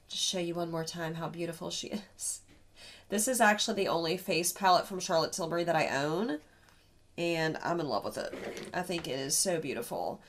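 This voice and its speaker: A woman with a somewhat low voice talks casually through a get-ready-with-me makeup routine. She sounds tired and run-down from being sick, and her talk rambles in a relaxed, conversational way. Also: slight background noise. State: tired and ill. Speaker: beauty vlogger.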